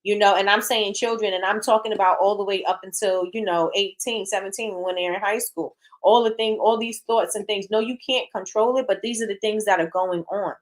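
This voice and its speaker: A woman's voice: mid-range voice, steady tone, fairly quick, hardly any pauses. A woman hosting a casual talk show who gives frank opinions, reads out and answers viewer comments, and repeats her points for emphasis. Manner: frank and blunt. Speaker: host. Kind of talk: casual opinion talk, reading live chat.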